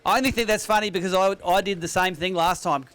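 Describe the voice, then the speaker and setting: An Australian man hosts an outdoor fishing tournament weigh-in. His voice sits fairly high, and he jokes matily with each angler while calling out the weights. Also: steady tone, fast talker, fairly bright tone, smooth. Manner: jokey, matey, upbeat announcing. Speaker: weigh-in host. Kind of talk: casual tournament weigh-in banter.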